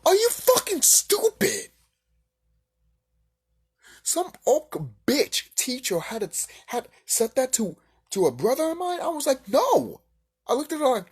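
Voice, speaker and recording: A man making a reaction video, ranting with heavy swearing, swinging between heated outbursts and quiet musing. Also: high voice, husky. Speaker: video creator reacting to a clip.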